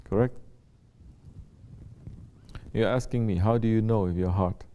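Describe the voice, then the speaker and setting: A man's voice: on the low side, unhurried, clean tone, muffled recording. A man giving a spiritual talk to his students as their Sufi teacher. He repeats his points and often checks in with short questions to the room. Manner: repetitive, checks in with rhetorical questions.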